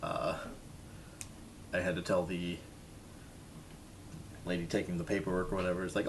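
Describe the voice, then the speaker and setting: A man's voice: low-pitched, flat delivery, normal speed, pauses often, a little hiss or hum. A man casually telling a self-mocking story to his camera in a jokey vlog style. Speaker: vlogger.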